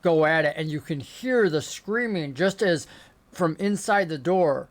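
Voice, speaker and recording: A man's voice: a little high, unhurried. Male game master narrating a tabletop game. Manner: descriptive, builds to excited narration in action. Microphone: remote call setup.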